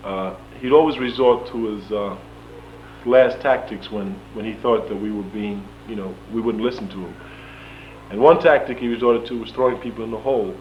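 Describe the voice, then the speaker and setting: A man's voice: lowish voice, normal speed. Young man telling a story on old tape. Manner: animated, chuckling often, acts out dialogue. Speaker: interviewee. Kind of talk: storytelling in an interview. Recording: dull lo-fi archival tape with faint hum.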